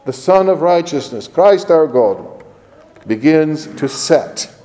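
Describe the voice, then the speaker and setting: A man preaching a sermon as a priest, slow and deliberate, stressing words as he reads scripture aloud. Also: medium pitch, warm tone, in a large hall, low-quality recording.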